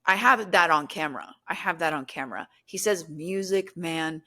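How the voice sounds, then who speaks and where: Young woman rambling through a story, lotsa "like" and "um", slightly low voice. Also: fairly quick. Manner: animated, acts out quotes with lots of "like" and "um". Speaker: guest, paranormal content creator. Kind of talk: casual storytelling in a podcast chat.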